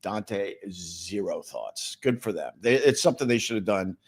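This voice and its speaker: A man's voice: lowish voice, expressive, moderate pace, vocal fry, slightly rough. Rambling middle-aged male livestream host. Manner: rambling, repeats words, sarcastic. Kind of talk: casual chat reading viewer comments.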